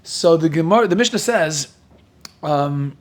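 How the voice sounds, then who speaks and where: A man whose first language is Yiddish, teaching a Talmud class in a lively, joking way. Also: on the high side, a little slow. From Williamsburg, Brooklyn. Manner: lively, joking, mixes Hebrew and Yiddish terms into English.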